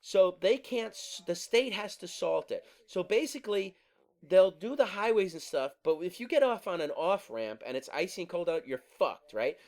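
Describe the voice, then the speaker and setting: A man with a fairly high voice rants on his podcast in an exasperated, swear-filled monologue. He talks casually, as if venting to a friend. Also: lively intonation, normal speed, a little mellow. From New Jersey. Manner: profane, exasperated ranting. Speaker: podcast host.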